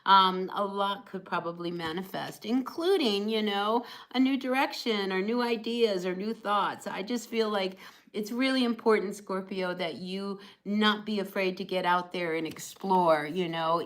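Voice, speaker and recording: A woman's voice: mid-range voice, a bit bright, low-quality recording. A woman giving a casual, chatty live tarot reading, encouraging her viewers with lots of fillers like "you know" and "all right". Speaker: tarot reader.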